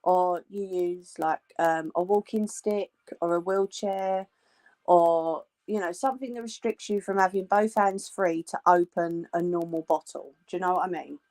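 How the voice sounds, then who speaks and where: A woman's voice: on the low side, steady tone, normal speed, darkish tone. A woman hosting a live crafting stream, chatting casually and joking with viewers as she sews, a little tired. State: tired, yawning. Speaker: crafting livestream host. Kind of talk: casual chat while sewing live.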